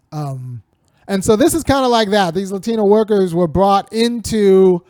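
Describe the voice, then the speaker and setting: A man's voice: high voice, darkish tone, no room sound. Digressive man in dry commentary. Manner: digressive, talks with frequent restarts and wry laughs. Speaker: host and commentator. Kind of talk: casual spoken commentary.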